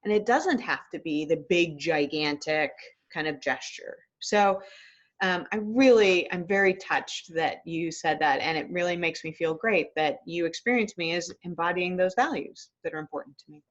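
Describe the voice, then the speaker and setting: A woman's voice: lowish voice, moderate pace, dull audio. A woman clinical psychologist, a guest in a casual webinar conversation over a video call, speaking in a thoughtful, earnest and reflective way.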